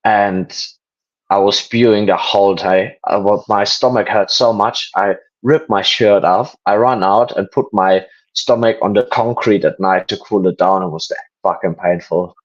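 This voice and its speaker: A German-born man speaks in English in a relaxed interview, his voice sitting low. He wanders through long stories, restarting sentences and filling pauses with ums. The recording sounds dull and lo-fi. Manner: rambling storyteller, many ums and restarts. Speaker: guest. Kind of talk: casual interview.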